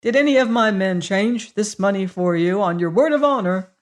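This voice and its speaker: A woman's voice: medium pitch, moderate pace, close to an everyday voice. A woman reading an audiobook, voicing a stern, baffled male prison warden who asks pointed questions. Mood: demanding. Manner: demanding, questioning.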